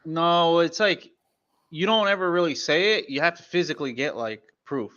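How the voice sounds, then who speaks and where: A man's voice: on the high side, moderate pace, pushed and bright. A young man on a casual podcast who jumps in with blunt, profane questions and comments. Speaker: podcast co-host. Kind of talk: casual chat. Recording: dull lo-fi mic.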